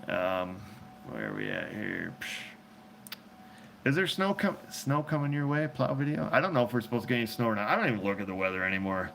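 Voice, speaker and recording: A man's voice: lowish voice, wildly swooping pitch, fairly quick, vocal fry, fairly bright tone, a little hiss or hum. A man hosting a casual live chat, answering viewer questions in a rambling, joking way and laughing often, recorded on a phone.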